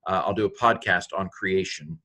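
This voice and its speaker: A man teaching a recorded lesson, slowly spelling out letters one by one and thinking aloud as he goes. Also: deep voice, bright, forceful tone.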